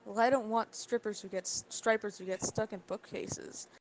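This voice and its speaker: A woman's voice: medium pitch, steady tone, moderate pace, noisy background, natural voice. A young woman reading the lines of a rambling, friendly male pony in a silly fanfic. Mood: chatty. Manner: rambling, self-correcting.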